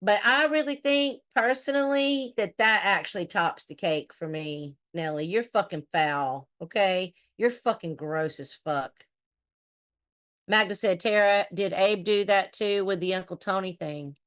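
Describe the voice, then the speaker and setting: A woman's voice: mid-range voice, a little slow, a bit bright. A middle-aged woman hosting a casual commentary chat, blunt and profane, trash-talking the people she discusses. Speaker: host.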